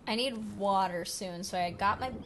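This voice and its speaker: A young woman hosting a casual let's play, excitable and talking to game creatures as she plays. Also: mid-range voice, normal speed, background noise. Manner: excitable, talks to game creatures, jumps from whispers to yelps. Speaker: gaming channel host.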